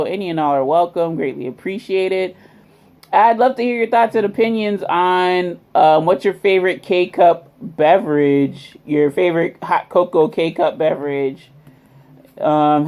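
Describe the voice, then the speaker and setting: A woman's voice: on the low side, dark tone. A woman vlogger chatting casually through a drink review, rambling with lots of fillers and calling her viewers y'all. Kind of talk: casual product review chat.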